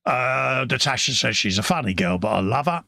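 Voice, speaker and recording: Rich: A jokey London man hosting a live stream, with a gravelly voice that has a bright, forceful edge. He reads out chat messages and calls everyone "mate" in easy banter. The sound is close and dry. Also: medium pitch, lively intonation, moderate pace, no room sound. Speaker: livestream host reading chat.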